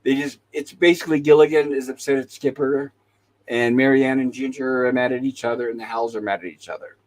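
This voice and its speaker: A man's voice: medium pitch, fairly even intonation, brisk, a little mellow, rough recording. A man hosting a talk show, casually retelling TV episode scenes and quoting the characters' lines. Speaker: podcast host.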